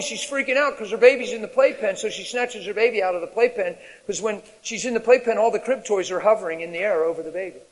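High-voiced preacher man in a reverberant hall. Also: fast talker, few pauses. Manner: animated, rising to shouts at peaks. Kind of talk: sermon. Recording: long reverb of a large hall.

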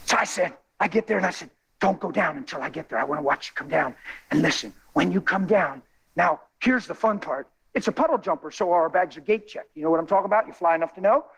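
A man telling a testimony in a sermon, animated and folksy, building to excited exclamations. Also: fairly high pitch, quick pace, vocal fry, husky, rough recording. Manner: colloquial, folksy phrasing.

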